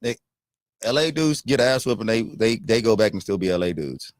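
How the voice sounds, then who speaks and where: A man's voice: lowish voice, lively intonation, brisk, no echo. A man co-hosting a livestream podcast in casual chat. He talks bluntly and emphatically, often repeating himself. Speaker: podcast co-host.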